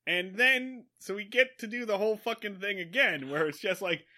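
A man co-hosting a podcast, recapping a movie in lively, excitable casual chat. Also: normal speed. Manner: lively, excitable, jumps into high voices for characters. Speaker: podcast co-host.

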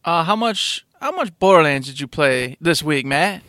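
Bright-voiced playful male podcast host. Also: a little high, expressive, normal speed, dry recording, studio quality. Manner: playful, teasing. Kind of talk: casual chat.

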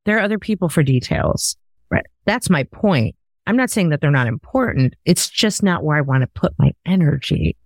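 A woman's voice: low-pitched, lively intonation, moderate pace, no echo. A woman hosting a podcast in casual conversation, talking in an emphatic, coaching way. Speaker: podcast host.

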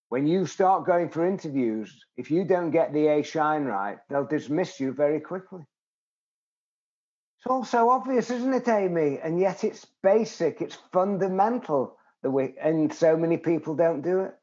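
Animated older man telling stories, lo-fi. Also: fairly high pitch, normal speed. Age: 70s. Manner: animated storyteller, acts out quotes. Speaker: guest. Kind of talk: interview conversation.

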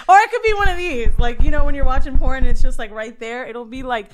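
A woman from Florida, co-hosting a podcast in a studio, telling stories in a loud, animated way and switching voices for the people she quotes. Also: sits high. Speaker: podcast co-host. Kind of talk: casual chat.

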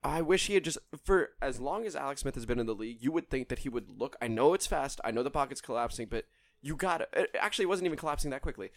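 A man's voice: medium pitch, lively intonation, quick pace, no room sound. A man co-hosting a podcast, chatting casually about football, teasing and laughing easily. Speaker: podcast co-host. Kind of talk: casual chat, sports talk.

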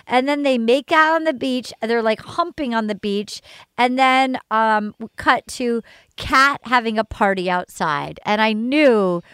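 A woman hosting casual chat in a slightly high voice, recorded close and dry. She recaps eagerly and plays out what people said. Her telling is lively and fast-moving. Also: clean tone, no room sound. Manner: animated recapping, acts out quotes. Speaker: podcast host.

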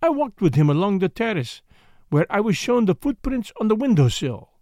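Audiobook role: a pompous, solemn male detective, put on by a man reading, lively and sing-song, in a dry booth. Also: high voice, dry recording, voice pushed up. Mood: explaining. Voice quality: pompous, deliberate. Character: grave self-assured male Belgian detective, middle-aged.

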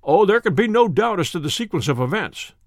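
A man voicing a calm, confident male detective who explains his findings in a measured way. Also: high voice, dry recording, studio quality. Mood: assured.

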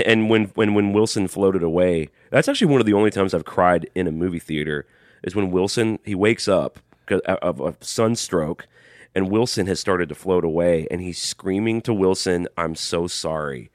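A man's voice: deep voice, normal speed, dry recording, studio quality. A man co-hosting a podcast, chatting casually and laughing easily. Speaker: podcast co-host. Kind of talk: casual chat.

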